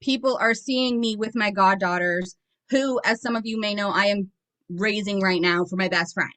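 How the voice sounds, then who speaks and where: A woman's voice: medium pitch, normal speed, a bit bright, poor audio. A Canadian woman chatting on a group call, telling folksy stories and tips. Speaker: team member sharing tips.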